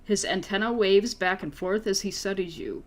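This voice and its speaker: A woman reads an adventure book aloud to her players at a middle pitch. She is playful and casual, laughing easily and swearing among friends. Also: moderate pace. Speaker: game master reading an adventure book. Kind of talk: reading a story aloud to players.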